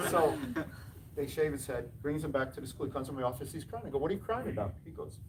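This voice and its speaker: A man's voice: fairly high pitch, unhurried, pauses often, distant mic, very noisy. Man telling stories from afar. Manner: animated anecdotes, acting out quoted dialogue with laughs. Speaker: martial arts school owner and instructor. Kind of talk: storytelling talk to an audience.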